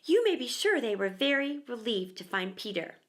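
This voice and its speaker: A woman narrating a children's book aloud with expressive, animated storytelling. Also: on the high side, normal speed. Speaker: storyteller, actor and teacher.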